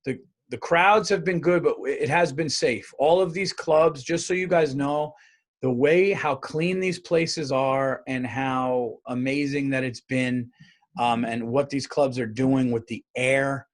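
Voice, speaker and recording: A man's voice: mid-range voice, fairly even intonation, a little slow. A man hosting his own podcast, riffing in a loose comedic monologue full of fillers and restarts, with a New York accent.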